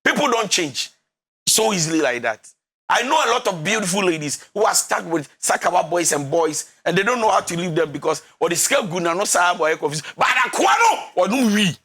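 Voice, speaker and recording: A man with a Ghanaian English accent who counsels listeners on a talk show. His voice sits high and sounds bright and forceful. He talks emphatically like a preacher, mixes in Twi and slides into half-sung lines. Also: animated, fairly quick, breathy edge. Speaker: relationship counselor.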